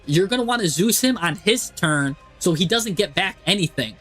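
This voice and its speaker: A man streaming live, commentating a card game match and talking to the players on screen in an exasperated, animated way. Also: high-pitched, moderate pace, faint music behind.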